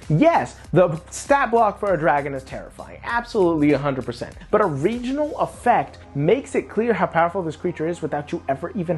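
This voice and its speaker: A woman with a low, dark-toned voice hosts a tabletop game advice talk. Her delivery swings lively and emphatic as she speaks directly to her viewers, with soft music just under her. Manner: conversational, emphatic, talking straight to viewers. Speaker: host.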